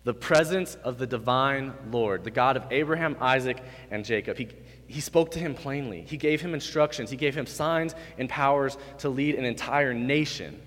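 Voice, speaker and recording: Young male preacher in a reverberant hall. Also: normal speed. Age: 20s. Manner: animated, swings from quiet to loud and high when acting out God's lines. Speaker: youth pastor. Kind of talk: sermon. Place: hall with an audience.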